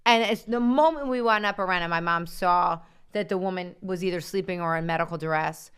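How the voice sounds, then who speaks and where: A middle-aged woman co-hosting a live stream, telling family stories in an animated, casual way. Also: on the low side, a little fast, smooth. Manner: animated storytelling. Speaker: co-host.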